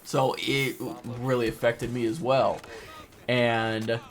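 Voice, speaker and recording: A man's voice: mid-range voice, little pitch movement, slow. A young man, a gaming vlogger, talking casually and emotionally over gameplay. He rambles and leans heavily on "like" and "or whatever", and his voice wavers.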